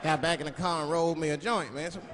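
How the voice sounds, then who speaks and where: A man's voice: fairly high pitch, fairly even intonation, quick pace, a loud crowd. A male stand-up comedian telling a profane story in a loose, rambling way, acting out quotes, recorded live on stage. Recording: live show with loud audience noise.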